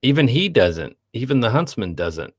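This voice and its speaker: A man's voice: medium pitch, moderate pace. A man co-hosting a film review podcast, talking casually and acting out quoted lines in playful voices. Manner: animated, acts out quoted dialogue in playful voices. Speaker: podcast co-host.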